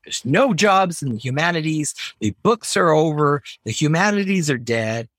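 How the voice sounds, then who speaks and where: An emphatic American man speaks as a professor guest, rambling from point to point with lively conviction. His voice sits a little high for a man. The sound is dry and close, with no room echo. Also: normal speed. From United States. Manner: animated, emphatic, digressive. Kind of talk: casual interview talk.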